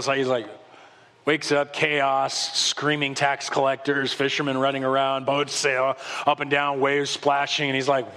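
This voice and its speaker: A high-pitched, bright male pastor delivers an animated sermon, acting out voices as he tells the story. His voice rings with long reverb in a church sanctuary. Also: moderate pace.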